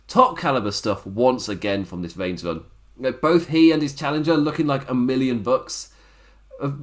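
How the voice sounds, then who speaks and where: A man, hosting a podcast and giving a casual, rambling wrestling recap, laughing often. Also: mid-range voice. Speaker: podcast host.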